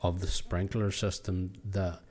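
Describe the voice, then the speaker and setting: A man chatting on a podcast, his voice very low. He rambles, hesitates and searches for words as he tells a story. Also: flat delivery, measured pace, darkish tone. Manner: rambling, hesitant, laughs often. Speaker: podcast co-host. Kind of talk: casual chat.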